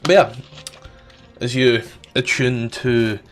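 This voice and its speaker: A man's voice: mid-range voice, slow pace, soft background music. A man running a tabletop game as game master, chatting casually and laughing while sorting out the players' items. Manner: relaxed, laughs often, talks while doing admin.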